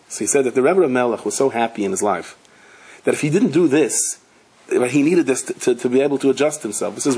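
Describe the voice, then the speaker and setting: A man giving a Torah class as a rabbi, telling parables with animated delivery and acting out the people in his stories. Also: medium pitch, fast talker, slightly rough, low-quality recording. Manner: animated storyteller, slips into character voices and Hebrew and Yiddish terms.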